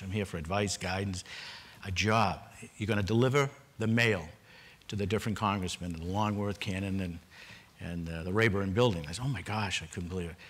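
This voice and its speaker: Older Boston man, panel storyteller, earnest, bright and lowish voice. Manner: earnest, with repeated restarts and brief laughs. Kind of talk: personal storytelling at a public forum.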